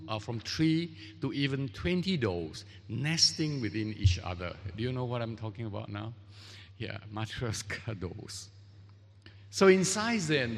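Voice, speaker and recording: A man preaching a sermon as pastor, measured and hesitant, with many fillers and restarts. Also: medium pitch, long reverb tail. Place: church.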